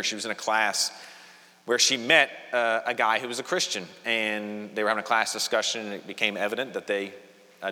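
A male pastor delivers an earnest, conversational sermon, often restarting his phrases. His voice is bright and forceful. It rings with the long reverb of a church hall. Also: fairly low pitch. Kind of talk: sermon with opening prayer. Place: church sanctuary.

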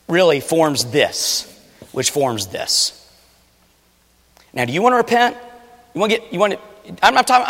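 A man preaching a sermon, animated, swinging between loud urging and hushed asides. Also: a little high. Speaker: pastor. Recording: long reverb of a large hall. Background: audience.

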